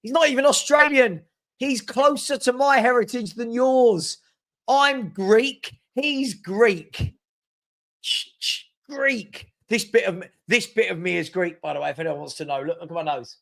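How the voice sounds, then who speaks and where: A man hosting a live football stream, chatty and teasing as he reads viewer comments and gives shout-outs. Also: very high-pitched, unhurried, gravelly. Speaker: host of a live football transfer show.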